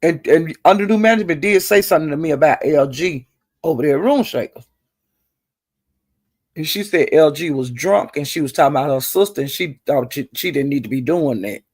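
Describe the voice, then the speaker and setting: A middle-aged woman telling gossip in a chatty, salty way, calling listeners honey and girl and jumping her pitch up high when she quotes people. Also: a little fast, husky, dry recording. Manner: animated, jumps her pitch up high when quoting others. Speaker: online commentator. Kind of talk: casual gossip storytelling.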